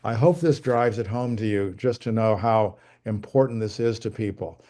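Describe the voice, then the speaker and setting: A man's voice: lowish voice, moderate pace, mellow. An older man giving a conversational lecture to dentists, reading quotes off his slides with frequent restarts. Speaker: guest speaker presenting to dentists.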